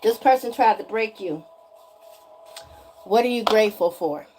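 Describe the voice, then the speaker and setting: A woman's voice: mid-range voice, measured pace, music in the background. A woman giving a spiritual energy reading straight to the viewer in a sassy, chatty way, often asking "okay?". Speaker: tarot energy reader.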